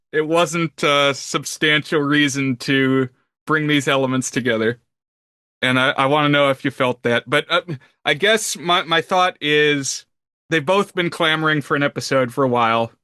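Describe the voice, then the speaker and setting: Male co-host, thirties, bright and slightly high, chatty teaser. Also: normal speed, clear, resonant tone, no room sound, studio quality. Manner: chatty, teasing, hesitant restarts. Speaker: podcast co-host. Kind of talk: casual film podcast chat.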